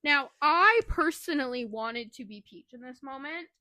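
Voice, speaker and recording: Woman, podcast co-host, animated casual book chat, bright high-ish voice, dry close sound. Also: moderate pace, no echo. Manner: animated retelling with lots of swearing and quoted voices.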